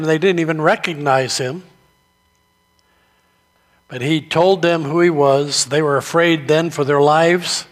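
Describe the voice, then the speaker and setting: A man preaching a sermon, telling stories slowly and deliberately. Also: on the high side, fairly bright tone. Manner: slow, deliberate storytelling delivery. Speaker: pastor.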